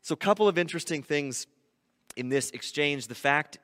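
A man preaching a sermon, animated, often acting out quoted voices. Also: fairly high pitch, normal speed, in a large hall. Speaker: pastor.

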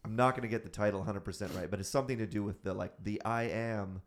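This is a middle-aged man on a casual faith podcast, talking loosely with lots of "like"s. His low voice carries a gravelly, fry-laden texture, and he laughs often between thoughts. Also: racing. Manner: loose and chatty, laughs easily, many fillers. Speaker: podcast co-host, church leader. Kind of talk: casual chat.

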